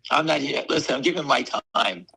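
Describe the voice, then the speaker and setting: A man co-hosting a stock market talk show, hoarse from allergies, talking bluntly and dismissing critics. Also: medium pitch, a little fast, sharp tone, rough recording. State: hoarse, losing his voice from allergies. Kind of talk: casual market talk with a co-host.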